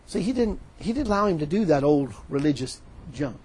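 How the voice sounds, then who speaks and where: A man preaching a sermon, animated, retelling a story with quoted dialogue. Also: a little high, brisk, breathy edge, low-quality recording.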